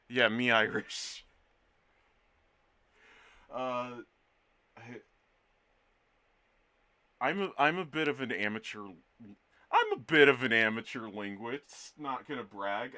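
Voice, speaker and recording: Slow, bright-voiced man chatting on stream. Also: medium pitch. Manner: playful, rambling, jokes with chat. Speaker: art streamer. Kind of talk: casual live-stream chat.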